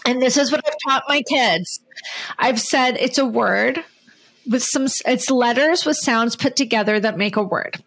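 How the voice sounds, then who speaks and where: A woman's voice: a little high, normal speed, a bit bright. A woman hosting a podcast interview, earnest and explanatory, steering the talk with questions. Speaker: podcast host.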